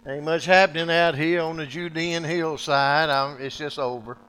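A man voicing a downcast, stammering male shepherd who was once a prince, with a higher, louder voice than his own. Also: steady tone, normal speed, clear, resonant tone, close to an everyday voice. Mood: self-pitying. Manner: stammering, flustered, self-pitying.

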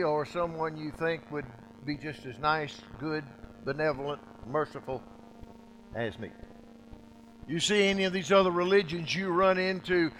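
A man preaching a sermon, emphatic and repetitive, his loudness dropping low and swelling back up. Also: normal speed, a little hiss or hum, low-quality recording. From United States.

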